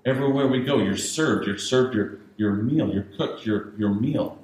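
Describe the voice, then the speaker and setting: A man's voice: medium pitch, moderate pace, darkish tone. Man preaching in a very echoey church. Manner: emphatic preaching with repetition, rising to raised urgency. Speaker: pastor. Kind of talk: sermon. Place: church sanctuary. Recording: very echoey church with faint hiss.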